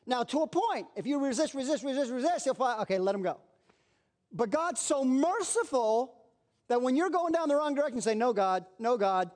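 Brief: male pastor, very high voice, animated sermon delivery with acted-out voices. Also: normal speed. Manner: lively preaching, acts out voices.

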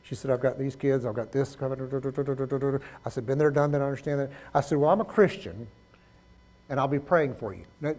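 A male pastor preaching a sermon, swinging between loud exhortation and low, conversational storytelling. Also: moderate pace.

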